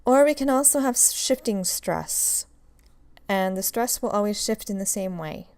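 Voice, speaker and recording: A woman's voice: medium pitch, expressive, moderate pace, darkish tone, no room sound. Woman teaching a grammar lesson, dry sound. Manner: clear, methodical explanation with drilled examples. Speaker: Russian language teacher. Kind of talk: recorded grammar lecture.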